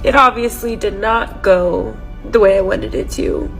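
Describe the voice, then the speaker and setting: A woman's voice: medium pitch, big pitch swings, measured pace, gravelly, soft background music, rough recording. A woman telling a storytime vlog with an exasperated tone. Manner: exasperated recounting.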